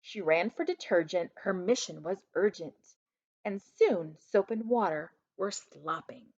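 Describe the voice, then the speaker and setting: A woman teacher reading a rhyming picture book aloud in a slow sing-song, turning aside now and then to speak quietly to children. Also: lowish voice, animated. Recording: dull lo-fi recording.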